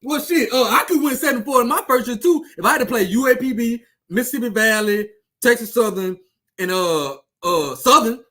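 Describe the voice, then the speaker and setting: A man's voice: very high voice, lively intonation, a little fast, sharp tone. A man delivering a heated, profane sports rant to his viewers, taunting and repeating himself for emphasis. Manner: fiery, repetitive, profane, taunting. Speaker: sports commentator with his own channel.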